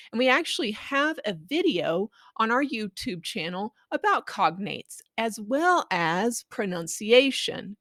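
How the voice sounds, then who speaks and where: A woman educator giving clear, patient instructions on how to read a picture book aloud to a child. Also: on the high side, fairly bright tone, no room sound, clean studio sound. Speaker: Spanish language educator. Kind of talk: instructional talk on reading aloud.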